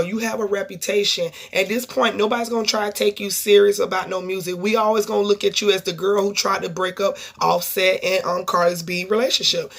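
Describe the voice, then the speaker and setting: A woman's voice: medium pitch, creaky. A woman casually recapping a reality TV episode in a blunt, profane, gossipy way, telling the story with lots of asides. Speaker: TV show reviewer.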